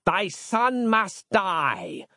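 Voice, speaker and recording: A man's voice: high-pitched, wildly swooping pitch, extremely slow, bright, forceful tone, no room sound, clean studio sound, voice pushed up, heavily acted. A man voicing a ruthless, commanding warrior leader who bellows archaic orders in a strained, raised voice.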